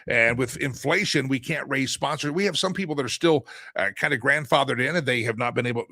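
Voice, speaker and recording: A man's voice: medium pitch, fairly quick, pushed and bright, dry recording. A middle-aged male host making a rambling, earnest, folksy appeal for charity donations, with a preacher-like tone. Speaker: talk show host.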